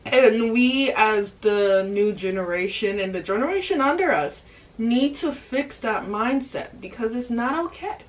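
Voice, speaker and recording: Animated young woman ranting to camera. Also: a little high, a little slow, recorded from a distance, slight background noise. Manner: animated, emphatic, repeats points. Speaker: vlogger. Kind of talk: casual rant to camera.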